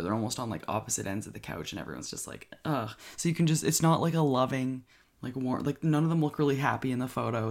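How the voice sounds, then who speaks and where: Casual movie-recap host, gravelly fry, middle pitch, chatty and excitable, leans on "like" constantly. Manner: chatty, filler-heavy with frequent "like", enthusiastic; acts out characters' lines in quick voices. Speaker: movie reviewer.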